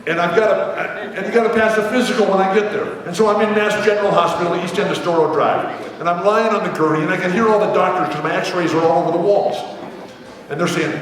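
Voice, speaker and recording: A man in his sixties, a guest author telling rambling, animated anecdotes to a live theater audience, acting out the people he quotes. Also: high-pitched, quick pace, recorded from a distance, crowd noise. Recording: echoey hall, mic heard from afar.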